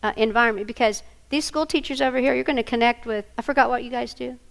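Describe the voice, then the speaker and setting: A woman's voice: on the high side, quick pace, creaky. An older woman, a grandmother, presenting a live training workshop and quizzing her audience. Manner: animated, asks the audience questions.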